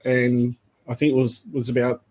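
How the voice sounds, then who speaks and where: A man's voice: mid-range voice, level tone, normal speed, darkish tone. A man in his fifties with an Australian accent, a podcast guest rambling through long anecdotes. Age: 50s. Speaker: guest, python breeder. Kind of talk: casual podcast chat.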